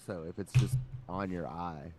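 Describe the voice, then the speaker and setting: A man's voice: low-pitched, normal speed, background noise. A man co-hosting a casual podcast, rambling loosely and filling his speech with "like". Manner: rambling, heavy use of "like". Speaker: podcast co-host.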